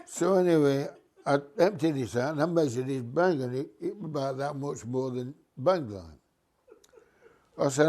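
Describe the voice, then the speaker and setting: A man's voice: medium pitch, normal speed. Older man spinning a yarn. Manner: lively, mischievous storyteller, dialect grammar. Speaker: former bus driver telling a story. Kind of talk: casual anecdote.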